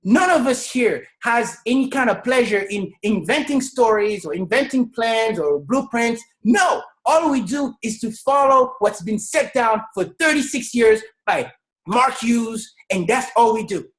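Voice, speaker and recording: A woman in her thirties from Senegal giving an energetic, emphatic motivational testimony on a video call, often raising her voice to tell her story. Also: fairly high pitch, a little slow, rough recording. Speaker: network marketing leader.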